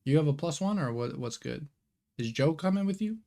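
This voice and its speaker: A man's voice: a little high, lively intonation, brisk, vocal fry, warm tone. A young man hosting a live card game watch party, chatting casually in slang and answering viewer questions aloud. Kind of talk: casual live-stream chat.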